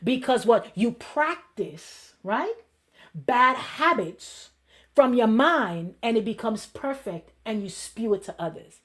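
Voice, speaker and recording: High-voiced lively woman pastor preaching. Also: slow pace. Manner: lively, repetitive, acts out quoted people with shifts in pitch. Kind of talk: conversational sermon and show host.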